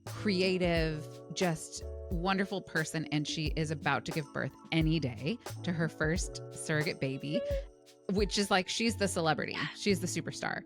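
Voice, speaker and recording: A woman's voice: low voice, normal speed, over music. A woman co-hosting a podcast, chatting casually with lots of laughter and filler words. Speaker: podcast co-host. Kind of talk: casual chat.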